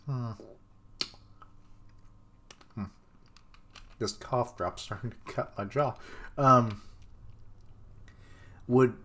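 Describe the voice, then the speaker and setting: A man casually reacting to a comic chapter he reads live, rambling and chuckling as he thinks aloud. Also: fairly low pitch.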